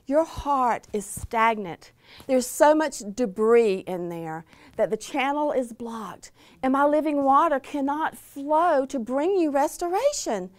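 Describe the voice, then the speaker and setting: A woman speaking as the gentle, loving voice of God in her testimony, hushed and tender. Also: high-pitched, no room sound.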